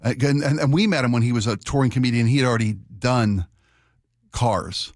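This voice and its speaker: A man's voice: medium pitch, brisk, dry recording. A man hosting a radio talk show, telling stories in casual chat from a studio, with many restarts. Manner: chatty storyteller, many restarts. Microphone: studio microphone.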